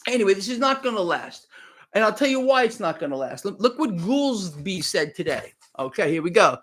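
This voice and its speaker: A man's voice: high voice, very animated, brisk, a bit bright. A man hosting a live stream of market commentary, talking straight to his viewers with sarcastic, exclaiming emphasis.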